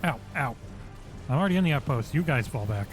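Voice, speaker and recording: A man streaming a game for charity on a headset mic, chatting excitedly with viewers and swearing freely. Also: mid-range voice, fast. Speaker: charity livestream gamer. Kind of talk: casual game-stream commentary. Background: game music.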